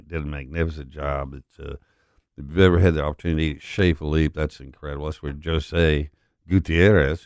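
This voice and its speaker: A middle-aged man hosts his talk radio show in a very deep, smooth voice. He rambles in a folksy way, filling gaps with pauses. The studio sound is dry and close. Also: a little mellow, no room sound. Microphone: studio broadcast mic.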